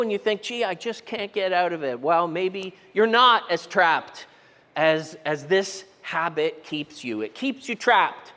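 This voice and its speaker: Casting note: male pastor, high voice, chatty self-deprecating sermon, big reverberant church hall. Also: a bit bright. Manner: conversational, self-deprecating, asks the congregation questions. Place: church auditorium.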